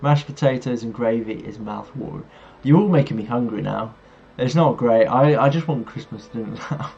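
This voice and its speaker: A man hosting a live stream reads viewers' messages and chats back with them in a gravelly, slightly mellow mid-range voice at a moderate pace. The sound is a bit dull, and faint music plays in the background.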